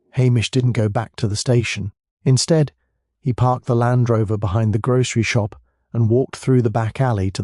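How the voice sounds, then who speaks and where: A man narrating a mystery story in a steady, even storytelling voice. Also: medium pitch, no room sound, studio quality.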